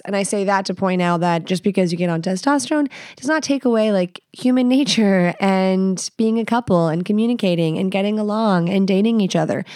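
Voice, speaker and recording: A woman's voice: fairly low pitch, a little mellow, smooth, dry recording, clean studio sound. A woman in her thirties hosting her own podcast, talking in a candid, crude and self-mocking way, swearing often and peppering her speech with "like". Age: 30s. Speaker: podcast host. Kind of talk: casual solo podcast monologue.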